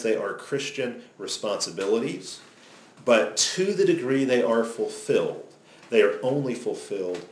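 A man's voice: fairly low pitch, a little hiss or hum. A man teaching a church Bible study class in a conversational lecture style, often checking in with his listeners by asking "okay?". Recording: echoey room, faint background ambience.

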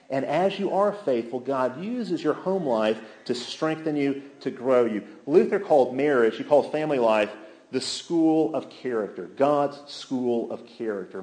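Male preacher, earnest sermon, emphatic, slows on key phrases, mid-pitched voice, quotes scripture. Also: a little mellow. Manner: quotes scripture and authors aloud. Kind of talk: sermon to a week-long gathering.

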